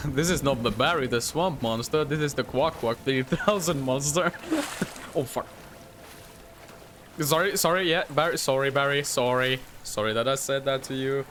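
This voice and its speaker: A man's voice: medium pitch, normal speed, a bit bright, slight background noise. A man playing a game and commenting, laughing and swearing a lot. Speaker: gamer. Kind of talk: let's-play commentary.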